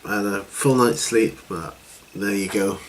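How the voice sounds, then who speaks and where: Relaxed man, low and rambling. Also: measured pace, slight background noise. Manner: rambling, relaxed, with many fillers and restarts. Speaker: hobby channel host. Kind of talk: casual chat.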